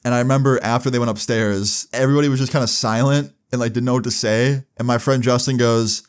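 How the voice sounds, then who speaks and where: A man's voice: medium pitch, fairly even intonation, quick pace, hardly any pauses, smooth. A young man telling a storytime vlog in a casual, profane way, with lots of filler words. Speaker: vlogger.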